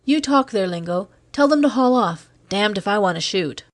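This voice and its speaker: A woman's voice: medium pitch, expressive, normal speed, lightly acted. A woman reading the lines of a seasoned older male space guard, blunt and sober. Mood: gruff.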